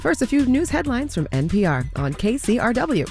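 A woman's voice: fairly high pitch, sing-song, moderate pace, a little mellow. A woman hosting a morning music radio show, upbeat, reading station identification with an announcer's cadence. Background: faint music bed.

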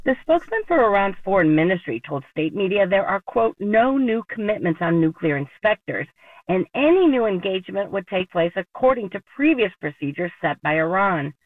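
A woman correspondent filing a brisk radio news report from the field. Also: medium pitch, very animated, no room sound. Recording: tinny phone-line news report.

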